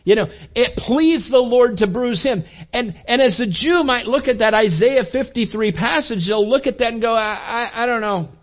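A male pastor preaching a sermon in an animated storytelling manner, with frequent restarts. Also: very high-pitched, moderate pace, few pauses, lo-fi sound. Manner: animated storytelling, acting out quoted voices, repeated restarts.

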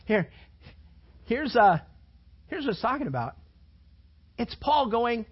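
A man preaching a sermon as a pastor, telling stories in an animated way, repeating phrases and acting out what people said. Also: extremely high pitch, slow, long pauses, husky, muffled recording. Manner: animated storytelling, repeats phrases and acts out quotes.

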